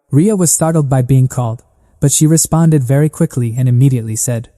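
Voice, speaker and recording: A man narrating a story recap in a steady, even reading. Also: mid-range voice, a little fast, long reverb tail.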